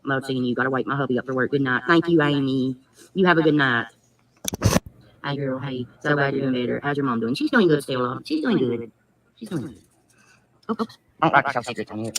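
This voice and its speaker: A woman's voice: extremely low pitch, lively intonation, fairly quick, long pauses, recorded from a distance, slight background noise, poor audio. A woman from Kentucky, reading out viewer comments on a livestream, gushing and teary as she thanks people by name. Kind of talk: livestream chat.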